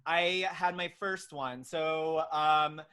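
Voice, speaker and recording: Taking things slowly, a young man speaks in a fairly high voice that is steady, sharp, clear and resonant. He's a pediatric nurse appearing as a podcast guest, sharing stories earnestly in casual interview chat, filled with ums and likes.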